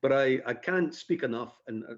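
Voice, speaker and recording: A man's voice: mid-range voice, normal speed, highs cut off. A man from Scotland with a Scottish accent, a guest on a radio interview, telling stories with plenty of fillers and dry jokes. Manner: chatty, self-deprecating storyteller with many fillers.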